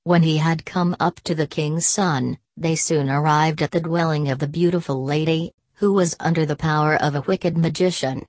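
A woman narrating a bedtime audiobook in a slow, soothing, even reading. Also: low-pitched, no echo.

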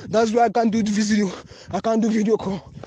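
A man's voice: high-pitched, level tone, brisk, dark tone, slightly rough. A man with a Nigerian English accent, making an urgent, repetitive, pleading appeal in a phone voice note. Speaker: anonymous voice-note caller. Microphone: phone voice recording.

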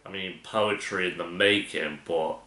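A man hosting a TV reaction video, making sarcastic, quick asides while he watches. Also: sits low, steady tone, bright, forceful tone. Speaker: TV reaction host. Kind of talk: casual reaction commentary. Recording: roomy echo.

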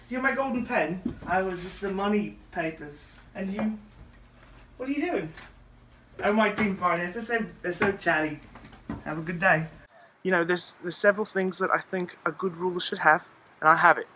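A man's voice: sits high, moderate pace, pushed and bright, slight background noise. A man voicing a pompous, boastful male elk king who rambles and bosses his staff around in a comic monologue. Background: faint background music.

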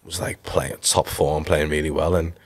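A Liverpool man in his thirties, once a footballer, tells stories in a casual podcast interview with a rumbling low voice at a moderate pace. He's relaxed and keeps dropping "like" and "you know."

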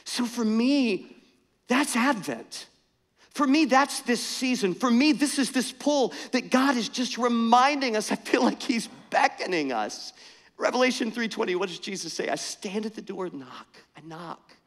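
A middle-aged man preaching a sermon, telling an animated, self-mocking story in a conversational way. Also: very high-pitched, measured pace. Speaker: pastor. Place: church sanctuary. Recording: church hall reverb.

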